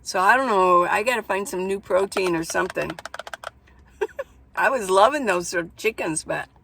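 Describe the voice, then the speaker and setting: A woman's voice: mid-range voice, moderate pace, creaky, fairly bright tone, slight background noise. A woman vlogging from inside her minivan, chatting casually and rambling through stories. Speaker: van-life vlogger. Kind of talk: casual chat to camera.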